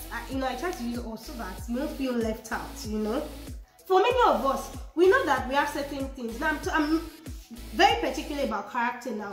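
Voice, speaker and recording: A young woman, talking casually to her viewers about self-improvement, chatty and animated. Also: high-pitched. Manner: chatty, animated, raises voice when emphatic. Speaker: vlogger. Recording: echoey room with music behind.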